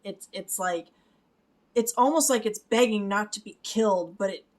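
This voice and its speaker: A woman's voice: mid-range voice, moderate pace. A woman, a spiritual reader, talking through a music video and explaining it, often checking in with "okay?" and laughing lightly. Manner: explains softly, adds "okay?" and small laughs. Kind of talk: reaction commentary.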